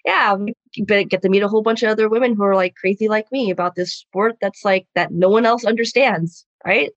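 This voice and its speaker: A woman's voice: mid-range voice, fairly quick, dry recording, lo-fi sound. A young woman in casual chat, a jiu-jitsu fighter telling stories and acting out her mother's voice, laughing often. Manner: chatty storyteller, acts out her mom's voice, laughs often.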